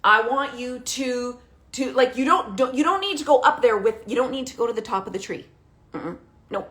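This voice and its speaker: A woman with a fairly high voice speaks as a parenting coach, talking straight to her listeners. She is animated and emphatic, leans hard on key words, and keeps checking in with a short "okay?". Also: moderate pace. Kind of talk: direct-to-camera coaching talk.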